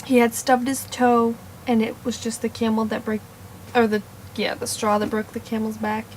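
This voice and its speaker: A woman making up a story on the spot, playful and meandering, with sudden loud bursts and whispered asides. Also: on the high side, monotone, normal speed, slight background noise. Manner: meandering, self-correcting. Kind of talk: improvised storytelling.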